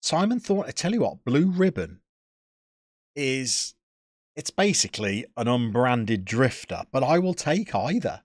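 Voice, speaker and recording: A man streaming and bantering with his chat in a lively, bouncing voice. He sounds jokey and opinionated, and the sound is dry and close, with no room in it. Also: mid-range voice, unhurried, husky, dry recording. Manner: chatty, joking, opinionated banter. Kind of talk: casual chat answering live chat.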